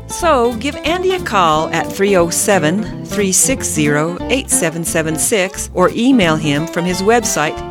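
Woman, scripted ad read, humorous and friendly, guitar music behind. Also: on the low side.

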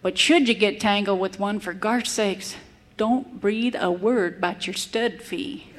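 A woman's voice: medium pitch, a little slow, in a large hall, heavy background noise, close to an everyday voice. A woman voicing an old male Western mule packer who brags in a drawling, folksy cowboy manner. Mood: folksy bragging.

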